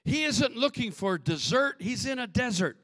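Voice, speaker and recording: A man preaching a fervent sermon to his congregation, swinging from booming shouts to soft asides and calling out to the crowd. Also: animated, moderate pace, no room sound, studio quality. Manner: calls out to the congregation.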